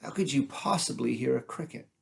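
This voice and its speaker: A man voicing an incredulous grown brother from the city in a storybook tale, pitching his voice up high. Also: animated, fairly quick, creaky.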